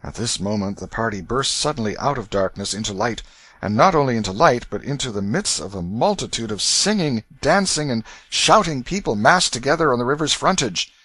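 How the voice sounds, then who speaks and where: A man reading an audiobook in a measured, clear storytelling manner. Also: medium pitch, expressive, pushed and bright, no room sound. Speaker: audiobook reader. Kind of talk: scripted narration.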